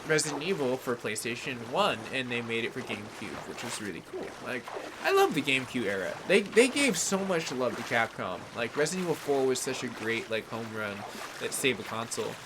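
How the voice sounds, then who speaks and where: A man's voice: medium pitch, big pitch swings, brisk, noisy background. A man from the Bay Area in California, casually rambling through live game commentary, greeting chat viewers by name. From San Francisco Bay Area, California. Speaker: gaming livestreamer.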